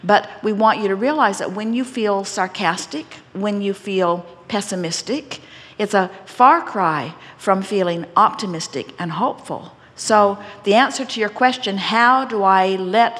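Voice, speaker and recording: A woman gives an inspirational seminar talk to a room full of listeners. She speaks as a collective "we", deliberate and gently teasing, at a medium pitch. Her voice carries a long reverb from the hall. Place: seminar room with a live audience.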